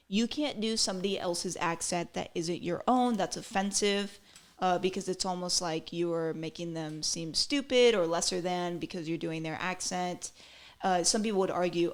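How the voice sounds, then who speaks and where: A woman's voice: on the low side, moderate pace. A woman hosting a podcast, giving chatty, opinionated commentary with lots of fillers. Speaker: podcast host. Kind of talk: casual commentary.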